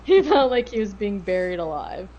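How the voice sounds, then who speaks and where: A woman co-hosting a podcast, recapping a show in casual chat with profane, sarcastic, animated retelling. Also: medium pitch, moderate pace, muffled recording, crowd noise. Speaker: podcast co-host.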